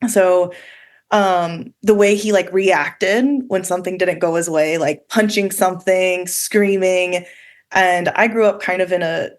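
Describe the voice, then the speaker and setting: A woman's voice: lowish voice, fairly even intonation, a little slow. A woman who is a podcast guest, speaking candidly about her own experiences, with frequent fillers and the odd swear word. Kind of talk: casual personal storytelling.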